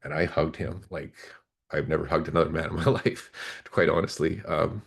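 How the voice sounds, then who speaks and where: A man's voice: very deep voice, steady tone, normal speed, vocal fry, breathy edge. A man in his forties, a former police officer, earnestly recounting an emotional personal story as a podcast guest.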